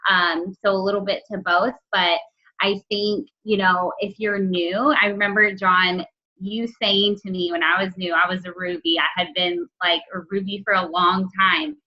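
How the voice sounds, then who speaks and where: A woman's voice: mid-range voice, steady tone, moderate pace, lo-fi sound. A woman sharing heartfelt, slightly emotional advice with her team on a call. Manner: emotional, reflective.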